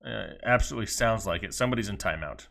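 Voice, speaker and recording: A man's voice: lowish voice, creaky, fairly bright tone. A man co-hosting a live fantasy football stream, reading out viewer questions and joking along casually. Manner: joking, reads viewer questions aloud quickly. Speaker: fantasy football show co-host.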